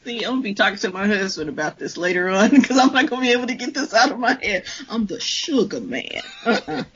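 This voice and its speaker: A woman's voice: on the high side, racing, a bit bright, highs cut off, a little hiss or hum. A woman co-hosting a podcast in casual chat, reacting with laughing, exasperated remarks. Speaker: podcast co-host.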